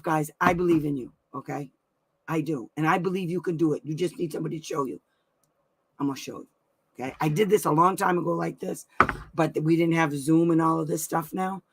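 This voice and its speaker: A woman's voice: low-pitched, breathy edge. A middle-aged woman hosting a weekly live advice stream from home, chatting effusively and laughing often. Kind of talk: casual live-stream chat.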